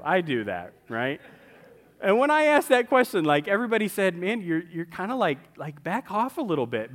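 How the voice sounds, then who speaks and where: A man's voice: a little high, a bit bright. A man in his forties giving a conversational sermon in a large church, often checking in with the congregation and acting out quoted voices. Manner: conversational, keeps asking "right?", acts out quoted voices. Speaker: pastor.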